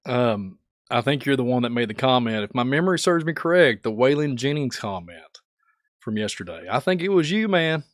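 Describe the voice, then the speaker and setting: A man with a sore, hoarse throat hosting a casual livestream, laughing often as he greets viewers in the chat by name. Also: mid-range voice, big pitch swings, normal speed, dry recording, studio quality. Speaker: livestream host.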